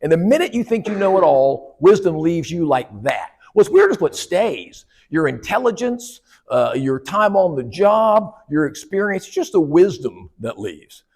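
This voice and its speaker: A man's voice: high voice, big pitch swings, unhurried, hardly any pauses, a little mellow, breathy edge. A man giving a humorous keynote speech at a conference, joking with and teasing the audience. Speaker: keynote speaker. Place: conference hall.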